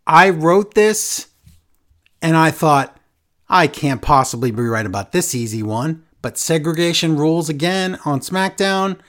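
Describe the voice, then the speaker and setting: A man co-hosting an easygoing chat show. His voice sits a little high, and he teases and corrects his partner in a relaxed, bantering tone. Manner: teasing, quick to correct. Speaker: podcast co-host. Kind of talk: casual chat.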